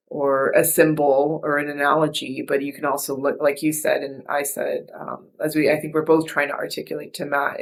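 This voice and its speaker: A woman podcast host talks in a relaxed, reflective chat. Her voice carries a gravelly, creaky edge. She rambles earnestly and softly, circling back with fillers and restarts. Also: deep voice.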